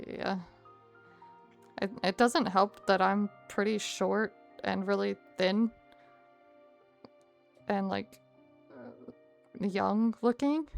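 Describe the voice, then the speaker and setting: A young woman streamer telling a story to her chat in a casual, animated way with frequent laughs. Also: mid-range voice, creaky.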